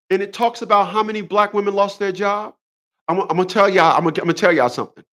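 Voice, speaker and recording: Guy ranting to camera, voice kinda high and jumping all over, keeps cracking himself up. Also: very animated, a little fast, pauses often, fairly bright tone. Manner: mocking, laughs at his own jokes, repeats phrases. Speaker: commentary vlogger. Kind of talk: monologue rant.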